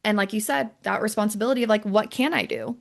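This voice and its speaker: A young adult woman hosting a podcast, talking in an animated, casual way with lots of fillers. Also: medium pitch, fast, creaky. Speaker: podcast host. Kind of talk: casual chat.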